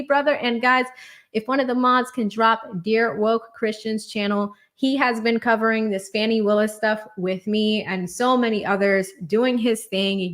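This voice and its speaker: A woman hosting a livestream, chatting casually, thanking donors and laughing often. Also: mid-range voice. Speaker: livestream host.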